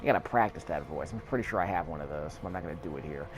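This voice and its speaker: Over music, a deep-voiced man races through chatty gameplay commentary, drifting from thought to thought and fixing his own words along the way.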